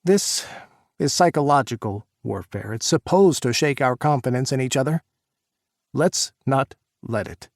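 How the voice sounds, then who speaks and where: A steady, earnest leader who speaks calmly and directly, as a male narrator voices him. His voice carries a gravelly grain. The sound is close and dry. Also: medium pitch, measured pace, no echo. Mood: reassuring.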